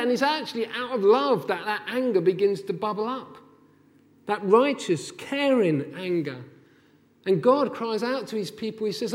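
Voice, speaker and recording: A man preaching a sermon, impassioned and building to forceful, near-shouted peaks. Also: high-pitched, lively intonation, moderate pace, in a large hall. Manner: impassioned, rising to near-shouts when voicing God's anger.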